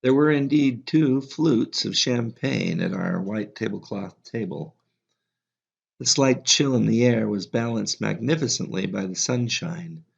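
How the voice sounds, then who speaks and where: A man reading a novel aloud in a calm, measured way as an audiobook narrator. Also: fairly low pitch, gravelly, slightly rough. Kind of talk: scripted narration. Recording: slightly dull lo-fi audio.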